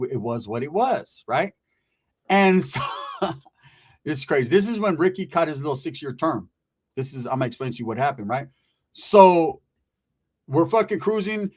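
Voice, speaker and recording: A man from California telling a crude, rambling story full of slang and asides. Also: fairly high pitch. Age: adult. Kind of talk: casual comic storytelling.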